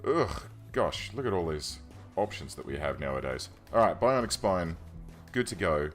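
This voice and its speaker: A man's voice: sits low, very animated, moderate pace, soft background music. A man hosting a let's play, chatting casually and thinking aloud as he plays, often correcting himself mid-sentence. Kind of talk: casual game commentary. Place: home room.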